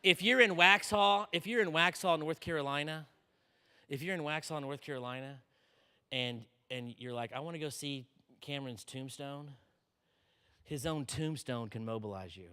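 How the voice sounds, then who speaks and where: With a slightly high voice that is pushed, bright, and clean, he speaks at normal speed. This conference speaker delivers a sermon to students in a large, long-reverb hall, telling a lively story and regularly checking "okay?"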